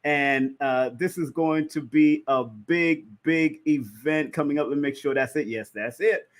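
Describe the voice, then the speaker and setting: A middle-aged man hosting a casual interview, lively and joking as he talks. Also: fairly high pitch, measured pace. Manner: animated, jokey, with exclamations. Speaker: show host.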